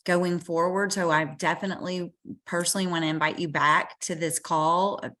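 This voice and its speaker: A woman's voice: fairly low pitch, fairly even intonation, moderate pace, a bit bright. A woman hosting an interview on a video call, gushing with praise and thanks. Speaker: host.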